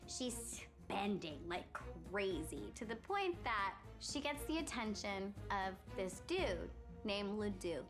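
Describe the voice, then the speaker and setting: A woman's voice: medium pitch, very animated, takes it slowly, music in the background. A drunk woman retelling history in a giggly, crude, rambling way. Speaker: storyteller.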